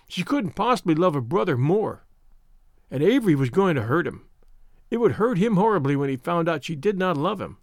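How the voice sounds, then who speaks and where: Male audiobook narrator, fairly high pitch, lively delivery, dry close sound. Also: dry recording.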